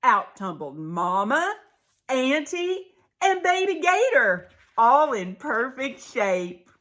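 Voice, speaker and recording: Bright, expressive woman reading a picture book. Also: high-pitched, takes it slowly. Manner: expressive, with hushed asides to listeners. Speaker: storybook reader.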